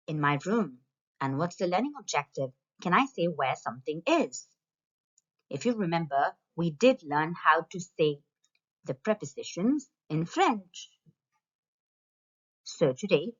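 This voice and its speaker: A woman with a low voice gives a recorded lesson to school pupils, saying each phrase slowly and then again. The sound is dull and lo-fi, as from a plain home recording. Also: fairly bright tone, husky. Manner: slow, repeats phrases for pupils to copy. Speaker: French teacher.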